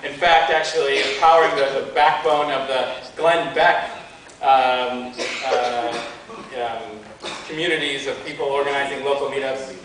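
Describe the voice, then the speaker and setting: Halting American man in an echoey hall. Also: medium pitch, fairly even intonation, crowd noise. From United States. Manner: halting, many fillers and restarts. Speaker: conference speaker. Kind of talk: live conference talk. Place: large conference hall. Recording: echoey hall, mic from a distance.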